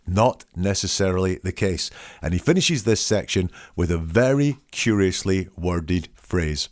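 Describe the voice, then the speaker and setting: A man's voice: low-pitched, animated, measured pace, no echo, studio quality. A man who hosts a commentary show, reading quoted lines aloud and picking apart their wording in an analytical way. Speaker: host analysing statements. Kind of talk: solo commentary.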